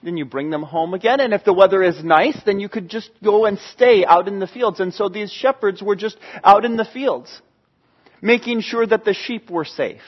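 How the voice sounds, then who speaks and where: An excitable man telling a sermon story with lively animation. His voice is very high and somewhat husky, caught on a dull, lo-fi recording. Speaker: storyteller preacher.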